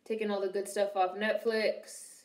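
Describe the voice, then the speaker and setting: A woman's voice: mid-range voice, level tone, moderate pace, reverberant. A young woman casually commenting on a film during a live stream, swearing freely and answering her chat. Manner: chatty, swearing, reads and answers viewer chat.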